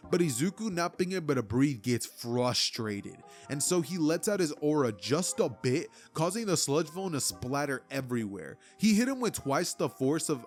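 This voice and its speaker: A young man casually telling a fan-fiction story in a rambling, chatty way. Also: medium pitch. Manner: rambling, filler-heavy, chatty. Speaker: channel host narrator.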